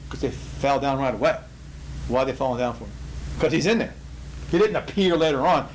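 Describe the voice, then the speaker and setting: Animated man teaching the Bible. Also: fairly high pitch, a little hiss or hum, rough recording. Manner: acts out characters with excited exclamations.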